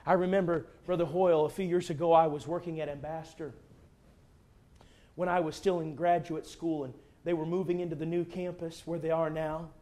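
A fervent middle-aged preacher, his voice sitting a little higher than most men's. He swings from near-whispers to full-throated cries as he pleads with the congregation. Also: little pitch movement, brisk. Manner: fervent, dynamic swings from hushed to shouting. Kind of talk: sermon with altar call.

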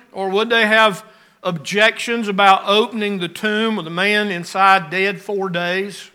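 A man preaching a sermon, rising to emphatic lines and dropping to quiet ones. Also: sits high.

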